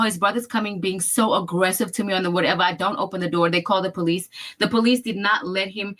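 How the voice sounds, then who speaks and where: A woman's voice: medium pitch, fairly even intonation, quick pace, fairly bright tone. A woman with a mid-range voice tells a family story with lots of drama. She retells it vividly and acts out other people's words as she goes. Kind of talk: personal storytelling in a video.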